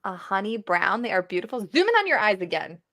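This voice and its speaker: A woman's voice: medium pitch, sing-song, brisk, fairly bright tone. A woman co-hosting a casual livestream, chatty, laughing and swearing easily. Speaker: co-host of a livestream.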